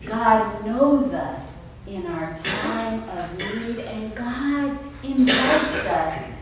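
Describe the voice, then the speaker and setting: Slow, high-voiced woman pastor preaching. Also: animated, background noise. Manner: emphatic, with dramatic pauses and storytelling. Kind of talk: sermon. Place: church sanctuary. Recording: echoey sanctuary from far off.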